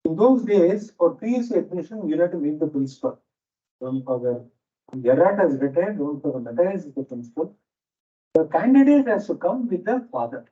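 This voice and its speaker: With a fairly high pitch, a mellow and expressive tone and a slightly fast delivery, an Indian English-accented man lectures teachers in his role as a management teacher. He tells stories and repeats key phrases to stress them, captured in a dull, distant recording of a lecture hall where a fan is noisy.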